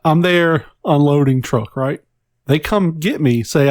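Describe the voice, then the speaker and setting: A man's voice: a little high, unhurried, a little mellow, no room sound, clean studio sound. A man co-hosting a podcast who talks bluntly and defiantly in casual chat, with plenty of swearing. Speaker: podcast co-host.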